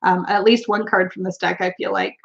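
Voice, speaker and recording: A woman's voice: fairly low pitch, fairly even intonation, brisk, muffled recording. A woman hosting a casual tarot live stream, chatty and giggly, reading out viewer comments, with a runny nose. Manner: giggly, chatty, laughs often. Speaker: tarot livestream host.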